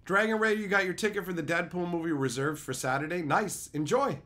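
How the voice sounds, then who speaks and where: A man's voice: high voice, a little fast, fairly bright tone. A man streaming live, chatting casually with his chat and ranting with repeated, profane phrases. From Canada.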